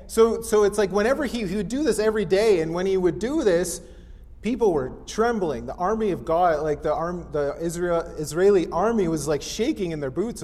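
A man's voice: high voice, a little mellow, long reverb tail. A man giving a casual, conversational sermon and briefly acting out the Bible characters he quotes. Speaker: pastor.

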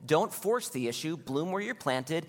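A man preaching a sermon as pastor, earnest and exhorting in quick bursts. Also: fairly high pitch, lively intonation, big-room sound.

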